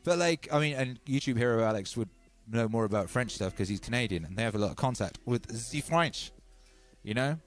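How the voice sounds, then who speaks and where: A man's voice: mid-range voice, quick pace. English guy in his 30s rambling on a livestream, slangy, faint music behind. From England. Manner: animated, slangy, reads chat aloud. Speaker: livestream host. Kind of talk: casual livestream chat.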